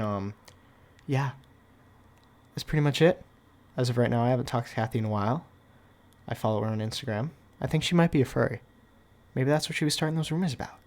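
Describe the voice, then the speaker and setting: A man's voice: medium pitch, fairly quick, pauses often, darkish tone. A young man casually telling a storytime, rambling and packing his talk with "like", with offhand, wry asides. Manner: rambling, filler-heavy with constant "like". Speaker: storytime YouTuber.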